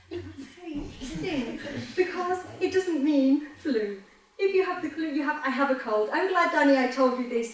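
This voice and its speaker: A woman with a Manchester accent teaching English, lively and joking as she quizzes her students by name. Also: sits high. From England. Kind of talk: classroom lecture with questions to students. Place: university lecture room. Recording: echoey lecture hall, voice from a distance, faint noise.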